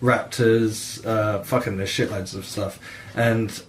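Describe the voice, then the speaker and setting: A man hosting a gaming podcast, telling game stories in a sweary, animated way and acting out the dialogue. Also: lowish voice, slow, slight background noise. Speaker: podcast host. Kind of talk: casual gaming chat.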